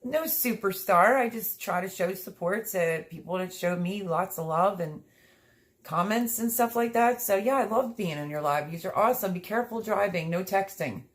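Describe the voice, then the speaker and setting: A woman's voice: medium pitch, normal speed. A woman hosting a livestream, chatting casually and reading out viewer comments, effusive and a little teary. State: sniffling, teary. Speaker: livestream host.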